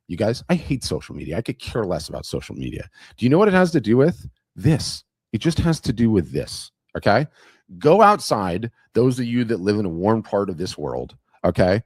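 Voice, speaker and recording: The host of an art business webinar gives an animated motivational talk to camera, speaking emphatically, going off on tangents, and repeating phrases for effect. His voice is on the low side with a darkish tone, recorded in studio quality with no room sound.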